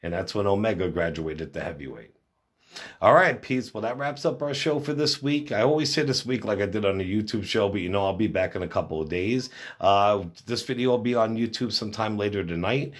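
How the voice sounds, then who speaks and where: A man's voice: on the low side, fairly quick. A man hosting a wrestling news podcast, reading stories and quotes aloud with casual asides. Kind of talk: read-out news roundup.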